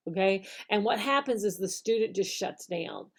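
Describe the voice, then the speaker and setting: A woman, an online English teacher explaining classroom techniques, often acting out slow, exaggerated example phrases and checking in with "okay?". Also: mid-range voice, lively intonation, creaky. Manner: demonstrates phrases slowly and exaggerated, tags "okay?". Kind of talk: instructional video talk.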